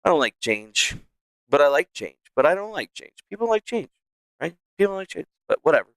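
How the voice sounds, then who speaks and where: Bright, rambling streamer man. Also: a little high, clear, resonant tone, no echo. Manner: rambling, profane, laughs a lot. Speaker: live streamer. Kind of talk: casual live-stream chat. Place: small room at home.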